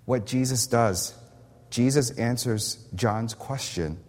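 A man's voice: medium pitch, slow, a little mellow. Impassioned male pastor in an echoey hall. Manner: impassioned, emphatic, repeats words as he builds. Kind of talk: sermon. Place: church sanctuary.

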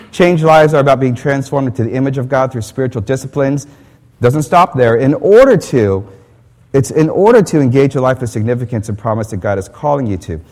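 A man pastor delivers a conversational sermon at a church service. He speaks at a middling pitch and keeps a chatty, self-deprecating tone, often restarting his sentences. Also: a little mellow.

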